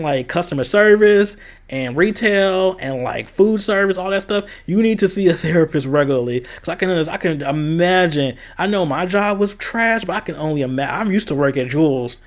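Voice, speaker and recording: Candid young man venting, higher voice. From American Midwest. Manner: candid, venting, quoting others in a raised voice. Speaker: vlogger. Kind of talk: casual personal vlog.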